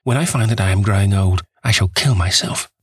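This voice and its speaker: A man reading a novel aloud, voicing a vain young man who despairs over losing his youth, in a pleading, husky voice. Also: lowish voice, a little fast, dry recording, studio quality. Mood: anguished.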